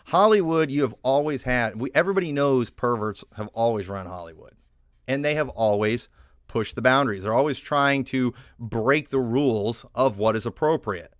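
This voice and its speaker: A man's voice: medium pitch, expressive, normal speed, dry recording, clean studio sound. Man preaching a conversational sermon. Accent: northern American. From northern United States. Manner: conversational preaching with frequent fillers and restarts. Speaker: pastor.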